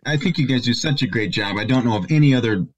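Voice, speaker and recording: A middle-aged man chatting as a podcast guest, halting with many restarts and fillers. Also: medium pitch, expressive, dull audio. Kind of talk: casual interview chat.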